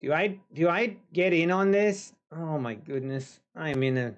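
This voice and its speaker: A man's voice: a little high, animated, muffled recording. A man live-streaming futures trading, chatting casually with viewers and talking to the market. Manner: talks to the market and chat, drawn-out pauses.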